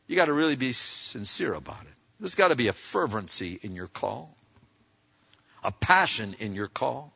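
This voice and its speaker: A man preaching a sermon in a folksy, conversational way, swinging between loud emphatic lines and quiet asides and acting out quotes. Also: mid-range voice, sing-song, normal speed, vocal fry, slightly rough. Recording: dull lo-fi sound.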